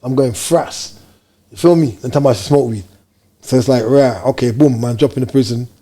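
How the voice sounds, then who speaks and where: A man from Jamaica, telling his story as an interview guest in fast, animated street slang. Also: medium pitch, husky.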